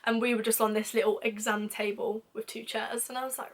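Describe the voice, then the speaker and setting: Young British woman, higher voice; chatty, self-mocking storyteller for a vlog. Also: steady tone, moderate pace, fairly bright tone. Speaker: vlogger.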